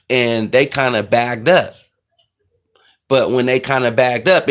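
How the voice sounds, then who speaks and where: A man's voice: mid-range voice, a bit bright. Earnest man talking to camera. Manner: earnest, rambling, addresses viewers as y'all. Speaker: vlogger. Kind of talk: casual monologue to camera.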